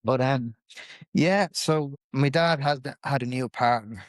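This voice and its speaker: A man with a Dublin Irish accent talks through his life story as a podcast guest. He is lively and swears freely in a casual, chatty way. His voice sits at an ordinary pitch, recorded dry and close. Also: slow pace, no room sound. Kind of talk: personal storytelling in casual chat.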